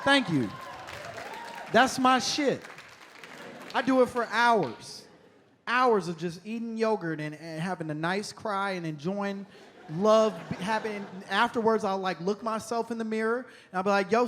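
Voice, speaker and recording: A male stand-up comedian performs on stage, telling his stories in an animated, conversational way. His voice sits fairly high for a man, with a faint hiss of noise under the recording. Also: measured pace, a faint crowd.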